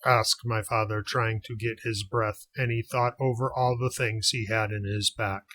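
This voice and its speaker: A man reading a children's book aloud, narrating in a steady, plain storytelling way. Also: on the low side, moderate pace. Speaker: audiobook reader.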